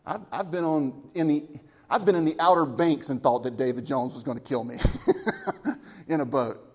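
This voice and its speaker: A man preaching a sermon, swinging between lively emphasis and hushed, quiet moments, with chuckles between points. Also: fairly high pitch, normal speed. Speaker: pastor.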